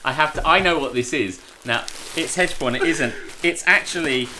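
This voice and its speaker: A young man with an English accent hosting a casual livestream, rambling and laughing, quick to swear. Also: a little high, bright, forceful tone. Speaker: host.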